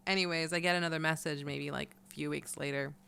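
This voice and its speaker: A young woman co-hosting a casual podcast, relaxed and giggly, often trailing off mid-sentence. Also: sits low, fast, creaky, clean tone. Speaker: podcast co-host. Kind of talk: casual chat.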